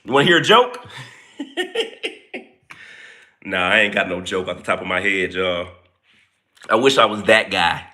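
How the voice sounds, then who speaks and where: Man, livestream host, playful and chatty, very bright tone, animated pitch. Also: normal speed, pauses often. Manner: playful, chatty, reads out viewer names. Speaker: livestream host greeting chat. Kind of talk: casual livestream chat.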